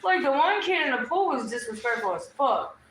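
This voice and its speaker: Fairly high-voiced woman, casual and chatty, says honey, heard in a roomy space. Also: very animated, brisk, fairly bright tone, slight background noise. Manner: casual, calls her partner honey. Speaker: host's girlfriend. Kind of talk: casual chat. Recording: echoey room.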